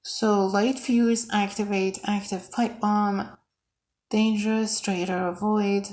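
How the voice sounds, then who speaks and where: A woman live-streaming game mod development, thinking aloud as she works, muttering quietly and then bursting into excited shouts. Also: mid-range voice, slow. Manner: mutters quietly while working.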